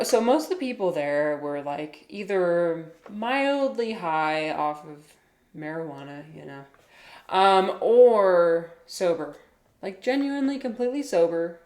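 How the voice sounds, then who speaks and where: A woman hosting a casual livestream, chatting in a rambling way as she reacts to footage, swearing and laughing easily. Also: on the low side. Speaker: livestream host.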